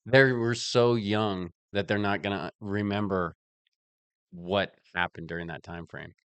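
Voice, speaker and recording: A man's voice: lowish voice, steady tone, measured pace, fairly bright tone, clear, resonant tone, dry recording. A married man co-hosting a podcast in casual chat, easygoing and rambling as he tells stories. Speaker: podcast co-host.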